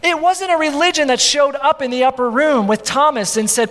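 A man in his thirties preaching a sermon as pastor, animated, with many repeats and asides. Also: extremely high pitch, moderate pace. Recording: long hall reverb.

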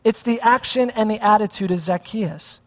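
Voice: medium pitch, normal speed. Pastor preaching in a reverberant hall. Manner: conversational preaching, asks the congregation questions. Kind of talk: sermon.

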